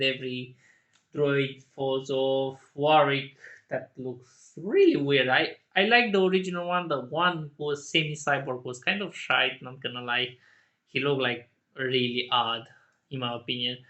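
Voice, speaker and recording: Excitable man ranting, bright voice. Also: medium pitch. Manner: excitable, laughs often, swears; jumps to shouting in indignation. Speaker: channel host. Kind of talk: casual solo rant.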